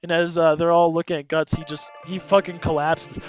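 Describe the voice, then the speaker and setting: A man's voice: fairly high pitch, little pitch movement, a little fast. A young man reading a comic aloud in casual, laughing, profane commentary, on dull lo-fi audio. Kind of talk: casual read-along commentary. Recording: dull lo-fi audio, faint music.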